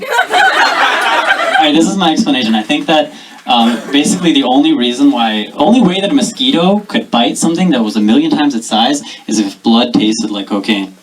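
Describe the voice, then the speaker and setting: A young man doing a deadpan stand-up set, pausing often with ums. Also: mid-range voice, distant mic. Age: young adult. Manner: deadpan, halting with many ums. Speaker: stand-up comedian. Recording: noisy live recording.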